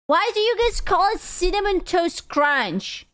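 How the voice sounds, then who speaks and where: A woman's voice: very high-pitched, big pitch swings, slow pace, fairly bright tone. A woman streamer chatting casually with her live chat, playful and joking, swearing freely.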